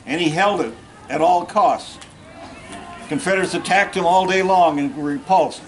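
A man's voice: high-pitched, normal speed, slight background noise, close to an everyday voice, low-quality recording. A man reenacting a plainspoken Civil War Union general, telling war stories in the first person with folksy humor and drawing the audience in. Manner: folksy storytelling, jokes with the audience. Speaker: historical reenactor. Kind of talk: first-person living history talk. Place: outdoor history event in a park.

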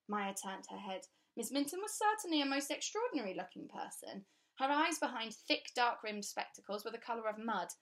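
A woman reading a children's story aloud with clear, steady, expressive storytelling. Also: on the high side, a little fast. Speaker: audiobook reader.

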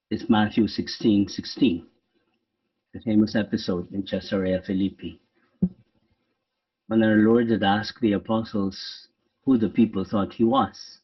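Man, priest, guided meditation, husky, slow reflective pauses, lo-fi distant recording. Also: fairly low pitch. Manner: slow, reflective, pausing often. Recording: dull, lo-fi sound from a distant mic.

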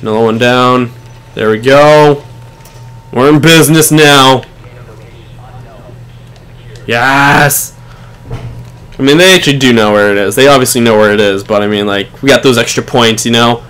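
A young man commentating his own online shooter match, muttering low, then swearing and yelling at teammates in frustration. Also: a little slow, long pauses, clear, resonant tone. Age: young adult. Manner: swings between muttering and shouting in frustration, swears a lot. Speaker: gaming channel host. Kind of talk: live gameplay commentary.

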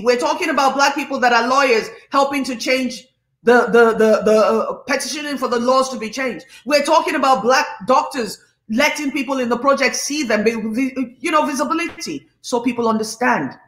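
A woman from Nigeria, hosting an impassioned live-stream monologue, her voice rising to yelling when passionate. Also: sits high, reverberant. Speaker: host.

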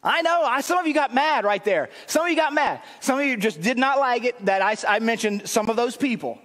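A pastor preaching a sermon in a conversational style that rises to emphatic shouts. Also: male voice, very high-pitched, lively intonation, a little fast, long reverb tail.

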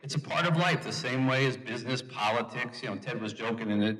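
A man's voice: medium pitch, fast. A middle-aged man, an author, telling anecdotes with jokes and voices in an audience Q&A at a large event hall. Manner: animated storyteller, jokes and mimics others. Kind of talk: storytelling answers in an audience Q&A. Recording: long hall reverb.

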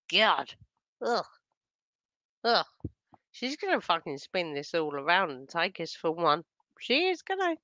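A woman's voice: on the high side, pushed and bright, no room sound. A woman hosting a reaction video, commenting in a casual, exclamatory and sweary way.

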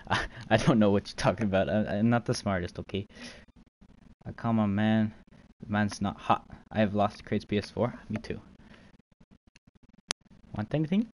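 Laid-back joking male streamer, lowish voice. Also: normal speed, long pauses, slight background noise, rough recording. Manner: joking, laid-back, reads chat aloud. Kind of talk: casual livestream chat while trading.

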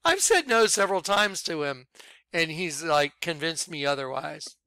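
A man giving an excitable, rambling personal testimony about his ministry, bursting into shouts. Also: on the high side, moderate pace, smooth, no echo. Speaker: ministry leader.

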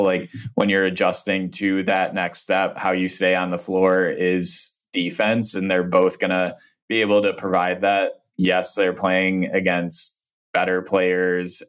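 A man appearing as a guest analyst on a sports podcast, speaking in a measured, hedging and thoughtful way. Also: deep voice. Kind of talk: casual sports podcast chat.

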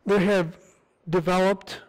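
A man's voice: high-pitched, flat delivery, slow, low-quality recording. A man preaching as a visiting missionary, speaking in an earnest, conversational manner with frequent restarts. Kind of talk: sermon. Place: church sanctuary.

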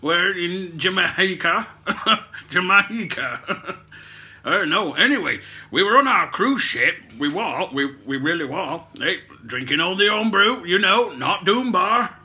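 A man's voice: high-pitched, expressive, measured pace, pushed and bright. A man with a mixed Cockney and Somerset accent, telling a rambling comic story in character as a puppet-show host, correcting himself and swearing. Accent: mix of Cockney and Somerset. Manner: rambling, self-correcting, swearing, laughing at own jokes.

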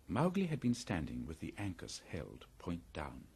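A man narrating a classic story in an audiobook, with dramatic, measured storytelling. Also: sits low, huge pitch swings, vocal fry, darkish tone, breathy edge. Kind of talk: scripted narration.

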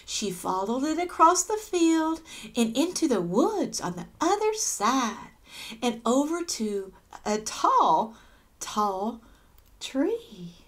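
A woman's voice: high voice, very animated, slow. A woman reading a children's picture book aloud, adding gasps and little asides to her listeners. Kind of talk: read-aloud storytelling.

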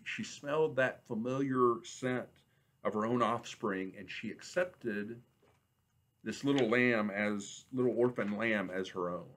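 Man preaching a measured sermon. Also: medium pitch, fairly bright tone, slightly rough. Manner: measured, reads scripture slowly, frequent word repeats. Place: church.

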